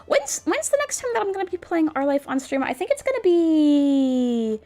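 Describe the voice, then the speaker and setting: A woman's voice: high voice, very animated, normal speed, mellow. Bubbly, cutesy woman streamer. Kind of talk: casual stream chat. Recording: faint background music.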